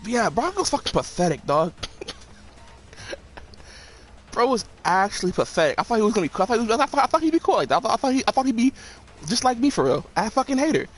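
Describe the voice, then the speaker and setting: High-voiced, animated young man rambling. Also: fast talker, pauses often, a little hiss or hum. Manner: profane, rambling, frequent restarts and laughs. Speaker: streamer. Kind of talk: casual commentary while gaming.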